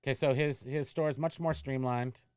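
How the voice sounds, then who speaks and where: A man's voice: medium pitch, fairly even intonation, moderate pace, a little mellow, clear, resonant tone. A man hosting a casual resale livestream, telling a rambling, self-mocking story while reading chat. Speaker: eBay reseller hosting a livestream.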